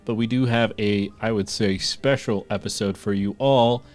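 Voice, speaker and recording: A man co-hosting a podcast, talking in a relaxed, rambling way with lots of fillers. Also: on the low side, moderate pace. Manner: laid-back, rambling, many fillers. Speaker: podcast co-host. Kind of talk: casual banter.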